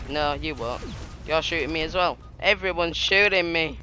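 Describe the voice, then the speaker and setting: A man giving excitable, trash-talking commentary over his gameplay, laughing often. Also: fairly high pitch, moderate pace, slight background noise. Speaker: gaming YouTuber.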